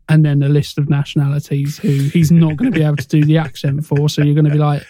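Man, podcast co-host, higher mellow voice, hesitant, dry sound. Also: flat delivery, no room sound. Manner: hesitant, restarts, measured. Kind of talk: casual film chat.

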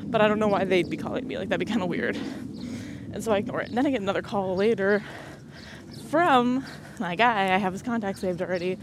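Talking fast in a mid-range voice, a young adult podcast host shares stories in a casual chat against background noise. Frequent laughter punctuates the talk, along with acted-out quotes from others.

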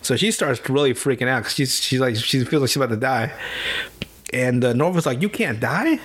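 A man's voice: mid-range voice, a little fast, a bit bright. A man co-hosting a podcast, casually recapping a show, rambling and swearing, acting out the characters' lines in mock voices. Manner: rambling, profane, acts out quotes in mock voices. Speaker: podcast co-host.

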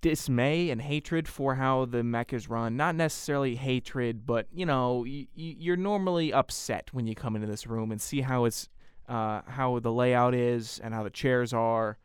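A man's voice: medium pitch, normal speed, hardly any pauses, clean tone, no echo, studio quality. A young man co-hosting a casual sports podcast, teasing and rambling with hesitant restarts. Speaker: podcast co-host.

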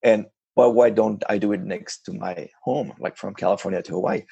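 A man being interviewed about his ocean kayak crossing, talking casually in an animated way, with frequent restarts and self-corrections. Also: on the low side, fairly quick, creaky, slightly rough, no echo, lo-fi sound.

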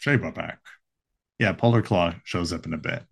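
A man's voice: sits low, a little fast, gravelly, husky. A man co-hosting a podcast in casual, playful, rambling chat with many fillers. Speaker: podcast co-host.

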